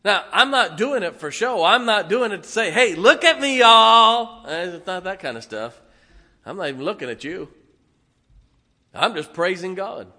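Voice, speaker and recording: A man preaching a sermon as pastor, animated, throwing rhetorical questions and "amen?" at his congregation with homely humor. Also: high voice, moderate pace, husky.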